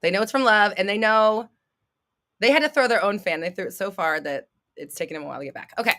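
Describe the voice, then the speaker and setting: A woman's voice: mid-range voice, fast talker, fairly bright tone. A woman in her thirties hosting a livestream, answering viewers' questions with blunt, swearing, dramatic outbursts and laughter. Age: 30s. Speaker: host.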